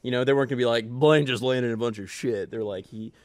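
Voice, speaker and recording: A man in casual chat, telling a childhood story with lots of "like" and animated delivery. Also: mid-range voice, fast talker, no echo, clean studio sound. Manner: animated, hedging with "like".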